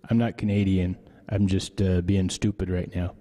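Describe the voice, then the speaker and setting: A man's voice: deep voice, little pitch movement, normal speed, warm tone, long reverb tail, muffled recording, slight background noise. A man casually chatting on his own live stream, rambling and joking, often tacking on a mock "eh". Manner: rambling, jokey, tacks on a mock-Canadian "eh". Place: home studio.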